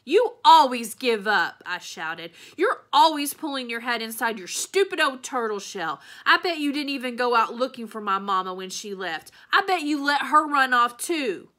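Brief: woman voicing a young storybook girl, stubborn and heartbroken, bright and forceful. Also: a little high, animated, slow pace, few pauses, pitched above the performer's own voice, exaggerated voice. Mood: angry. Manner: pleading, then shouting in anger.

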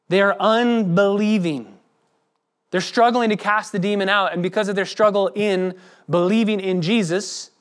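A man preaching a sermon as pastor, acting out the voices of the people he quotes. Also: sits high. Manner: expressive preaching, acts out quoted speech.

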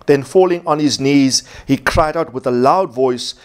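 A man's voice: medium pitch, a little slow, hardly any pauses. A man preaching a sermon as pastor, from South Africa, emphatic and repeating his key points.

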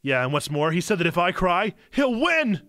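A man's voice: mid-range voice, sing-song, a little slow, pushed and bright, no echo, studio quality. A man reading aloud the lines of a worried young boy from a story he wrote as a child, in an earnest, plain delivery.

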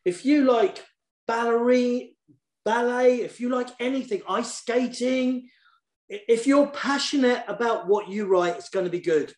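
Here the man, who writes poetry and books for children, has a very high voice and takes his time, and the room sounds spacious. He talks eagerly and casually online, warmly repeating words as he searches for them.

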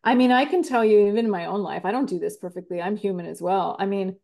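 A woman speaking as a podcast guest, talking in an animated and reflective way and acting out her own inner thoughts as she explains. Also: medium pitch, fast, gravelly. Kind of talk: reflective conversational interview.

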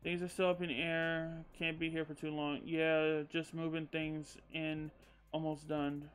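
A man's voice: fairly high pitch, level tone, a little slow, fairly bright tone, clear, resonant tone, soft background music. A man streaming live and chatting casually with viewers, rambling and swearing freely, a bit loopy after a sneezing fit.

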